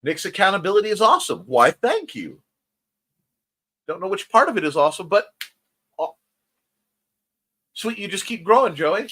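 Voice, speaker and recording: A chatty male host runs a relaxed morning stream, reading comments aloud and tossing in quick asides. His voice sits a little high and swings up and down constantly. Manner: lively, chatty, quick asides and self-corrections. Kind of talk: casual livestream chat reading viewer comments.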